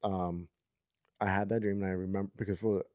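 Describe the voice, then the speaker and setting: A man in his thirties tells a long story on a podcast, rambling and checking in with his listener. His voice sits on the low side. The recording is dry and close. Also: flat delivery, fairly quick, a little mellow, clear, resonant tone, no room sound. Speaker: podcast co-host. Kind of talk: casual storytelling chat.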